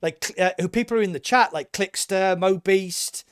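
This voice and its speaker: A man's voice: high-pitched, normal speed, clear, resonant tone, dry recording, studio quality. A man co-hosting a casual podcast, talking with eager enthusiasm and rambling through restarts. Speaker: podcast co-host.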